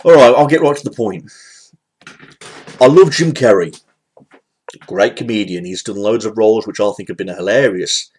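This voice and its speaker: A man's voice: fairly low pitch, normal speed, long pauses, slightly rough. Guy in his 30s rambling thru a movie rant, swears a bit, says you know a lot. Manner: rambling, repeats himself, frequent fillers, occasional swearing. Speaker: movie reviewer. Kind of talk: casual spoken film rant.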